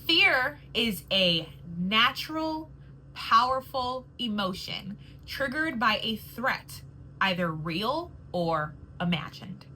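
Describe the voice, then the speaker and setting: A woman hosting a faith-based podcast, talking in an earnest, encouraging way and slowing down to dwell on key words. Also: a little high, very animated, sharp tone, a little hiss or hum, poor audio. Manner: slow, deliberate, lingering on key words. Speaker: podcast host. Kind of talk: reflective faith-based monologue.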